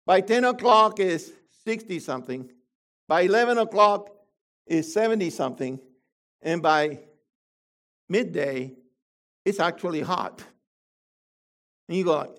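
An older man delivers a sermon at an unhurried, deliberate pace. His voice sits a little high for a man, and he keeps turning to the congregation with rhetorical questions. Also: animated, fairly bright tone. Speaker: preacher.

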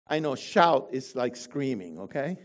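An older man preaching a sermon to a congregation, animated and full of rhetorical questions. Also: medium pitch, measured pace.

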